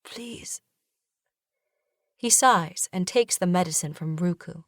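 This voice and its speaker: Audiobook narrator, woman, lower register, steady measured first-person reading, dry close sound. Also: dry recording.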